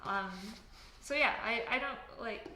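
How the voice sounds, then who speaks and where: A woman's voice: a little high, unhurried. A Canadian woman hosting a casual livestream. She reads chat comments and rambles with lots of fillers and self-corrections. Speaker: livestream host reading chat. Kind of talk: casual live chat while building. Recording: echoey room with faint background noise.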